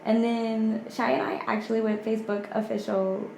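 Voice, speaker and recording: Young woman guest, twenties, gravelly low-key chat, echoey room. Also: flat delivery, normal speed, background noise. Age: 20s. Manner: soft-spoken, heavy use of "like". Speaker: podcast guest. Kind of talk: casual chat.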